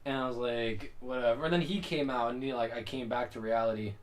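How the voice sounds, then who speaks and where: A young man playing a game and chatting, excitable and prone to loud outbursts. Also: mid-range voice, brisk. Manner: excitable, bursts into loud reactions. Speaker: let's play player. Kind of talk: casual gameplay chat.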